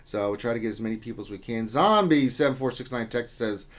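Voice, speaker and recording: A man with a mid-range voice talks at a quick pace while hosting a casual livestream. He reads chat names and greetings aloud, keeping things loose and jokey.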